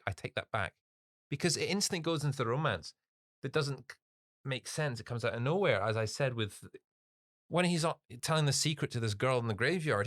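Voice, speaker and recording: Animated ranting man reviewing a film. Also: medium pitch, no room sound, clean studio sound. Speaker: podcast co-host. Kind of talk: casual film review chat.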